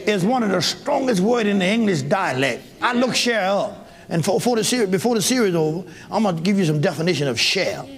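A man preaching a sermon to his congregation, folksy and exuberant, breaking into shouts and laughter. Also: sits high, very animated, a little fast. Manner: folksy, talks directly to congregation members. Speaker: pastor. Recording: live church with crowd audible.

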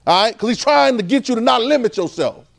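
Male preacher with a high voice, casual and animated delivery, repeats himself for emphasis. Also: quick pace, gravelly. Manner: animated, repeats phrases, swings between loud and soft. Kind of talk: informal conversational sermon.

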